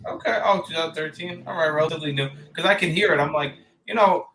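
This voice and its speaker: Casting: male podcast co-host, bright tone, casual and direct. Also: on the high side, fast, slight background noise. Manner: casual, asks direct questions.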